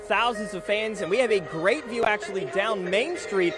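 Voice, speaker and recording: A young man reporting sports news for local television in an upbeat, crisp delivery. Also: sits high, normal speed, music in the background.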